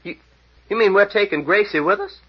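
An actor playing a brash, easygoing young pilot sidekick with a breezy, slangy manner and a husky voice, in 1940s radio acting style. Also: male voice, high-pitched, fairly quick. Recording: dull old radio broadcast.

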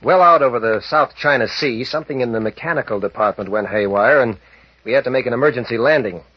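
Man doing calm pilot captain, commanding, husky, dry sound, dull old radio. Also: medium pitch, fast, dry recording, lightly acted. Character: male adventurer pilot captain, calm and decisive. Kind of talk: 1940s radio acting.

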